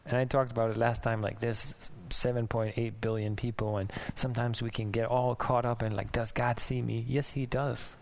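A man preaching a sermon in a conversational, musing way, restarting thoughts and now and then laughing softly. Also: medium pitch, flat delivery, moderate pace, vocal fry, few pauses. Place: church in Denmark.

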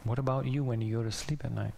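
A man's voice: medium pitch, steady tone, quick pace, creaky, mellow. A man preaching a casual, chatty sermon who laughs often, with a faint hiss on the recording. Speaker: pastor.

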